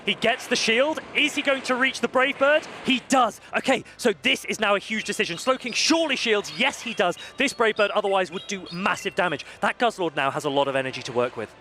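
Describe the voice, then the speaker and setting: A man giving live play-by-play commentary on a competitive game, getting excited and louder at key plays. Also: high voice, brisk, hardly any pauses, slight background noise. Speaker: esports commentator.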